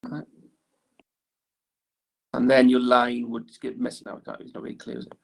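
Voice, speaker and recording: Gravelly-voiced male teacher at the board. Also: medium pitch, monotone, normal speed. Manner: talks while drawing on the board, lots of "right?" tag questions. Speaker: engineering teacher. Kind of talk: classroom lesson. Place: classroom.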